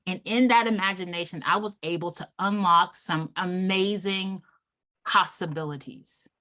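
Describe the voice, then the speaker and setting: A woman giving a motivational club speech, emphatic and deliberate, pausing between numbered points. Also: fairly low pitch, pushed and bright. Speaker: club speaker.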